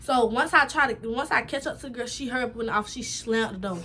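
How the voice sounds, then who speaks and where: A young woman telling a story time vlog with a high, bright voice. She talks in an animated, emphatic way, full of slang. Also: fast talker, a little hiss or hum. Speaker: vlogger.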